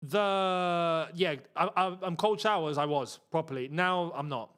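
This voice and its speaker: A young man hosts a live football watchalong in a high, light voice. He talks casually in slang and reads out viewers' messages in between. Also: measured pace, fairly bright tone, clean tone. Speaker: host.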